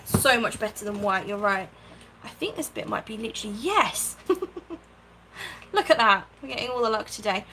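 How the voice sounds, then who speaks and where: A woman's voice: fairly high pitch, background noise. A woman hosting a casual craft livestream from her home craft room, chatting, thinking aloud and thanking viewers by name. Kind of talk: casual live-stream chat while crafting.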